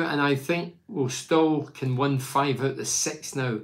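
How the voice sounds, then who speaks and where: A man's voice: fairly high pitch, fairly even intonation, unhurried, few pauses. An older man, a former footballer chatting casually about his club and reading out fan messages, blunt and opinionated with plenty of rambling restarts.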